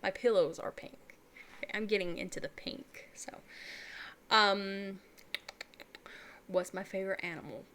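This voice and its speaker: A young woman with a bright, forward voice talks candidly to her viewers. She rambles and restarts, laughs at herself, and keeps it loose and personal. Her pitch sits in the middle for a woman. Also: a little slow, pauses often, a little hiss or hum. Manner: rambling, candid, self-deprecating, laughs often. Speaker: vlogger. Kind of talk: casual chat.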